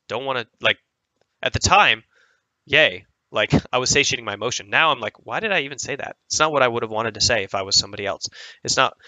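A man's voice: medium pitch, pushed and bright, dry recording, low-quality recording. A man hosting a show, answering viewer questions in a casual, emphatic monologue full of fillers and repeated lines. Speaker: sport psychology coach and show host.

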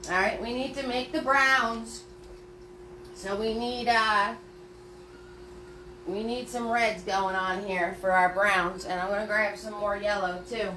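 A woman's voice: mid-range voice, fairly even intonation, measured pace, long pauses, pushed and bright, a little hiss or hum. A woman leading a live-streamed painting class, chatty and upbeat as she talks viewers through each step. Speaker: paint party instructor.

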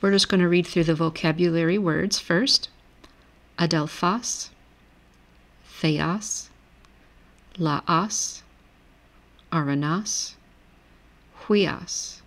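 A woman with a lowish, gravelly voice teaches a grammar lesson, recorded at a desk mic over a shared screen. She reads vocabulary slowly and patiently, and she explains each rule one step at a time. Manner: patient, reads word lists aloud slowly. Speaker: language teacher.

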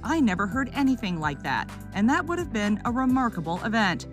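A woman narrating an entertainment news report in a crisp, even newsreader delivery. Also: a little high, fairly quick. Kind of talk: scripted news voice-over. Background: music bed.

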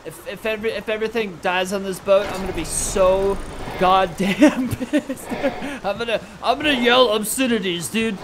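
A young man commentating his game play, excitable and profane, often yelling at the screen. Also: sits high, moderate pace, background noise. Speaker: gaming YouTuber.

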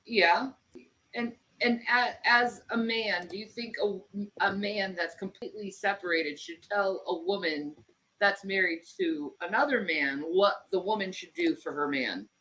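A woman's voice: mid-range voice, a little slow, bright, forceful tone. A woman on a live stream, accusing and emotional as she confronts her partner. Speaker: streamer's co-host.

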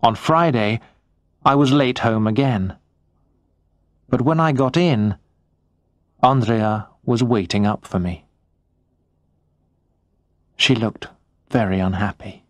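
A man narrating a first-person story for English learners in a slow, clear, measured reading. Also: medium pitch, no echo.

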